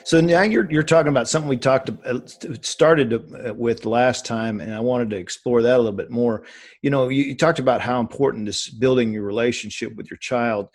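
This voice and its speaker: A man hosting an interview, asking questions with halting, searching phrasing. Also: mid-range voice, darkish tone, soft background music. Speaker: host. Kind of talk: casual interview chat.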